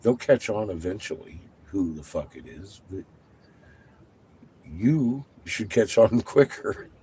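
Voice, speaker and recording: A man hosting his own channel, talking casually to viewers, animated and profane, laughing often. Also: on the low side, slow, slight background noise. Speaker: channel host.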